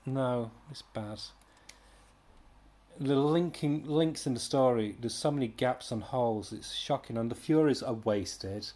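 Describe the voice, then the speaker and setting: A man's voice: mid-range voice, measured pace, mellow. A British man giving a casual, rambling comic book review, exasperated, with sighs and mocking impressions.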